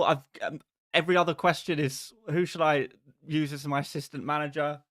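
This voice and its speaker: Male stream host, fairly high voice, rambling and exasperated, self-mocking chat style. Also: fairly bright tone, no echo, studio quality. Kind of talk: casual live-stream chat commentary.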